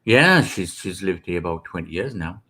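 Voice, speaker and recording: A man's voice: sits low, big pitch swings, moderate pace, sharp tone. A British man, an author and guest, telling rambling stories with many ums and restarts. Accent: British English. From Britain. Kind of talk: casual interview storytelling.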